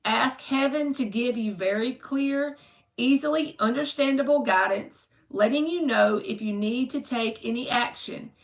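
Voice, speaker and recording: Her voice is a little high and a little slow, and she's some distance from the microphone. A woman at home runs a relaxed, joking tarot reading on a live stream, addressing viewers by name.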